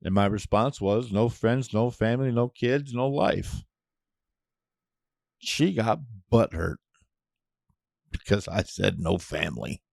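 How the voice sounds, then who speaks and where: A man hosting his own show, ranting in a casual monologue, blunt and profane with sudden loud outbursts. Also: on the low side, lively intonation, slow, vocal fry, pauses often, no echo, studio quality. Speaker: podcast host.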